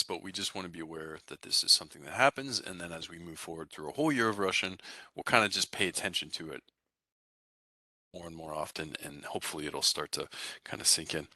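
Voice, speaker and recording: A man with a very low voice explains pronunciation to his class, steady and easygoing. His tone is strikingly bright and forceful, and it is recorded dry and close, with no room sound around it. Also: no room sound. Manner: relaxed, explanatory, frequent "right?" and "okay?" check-ins. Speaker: Russian language teacher.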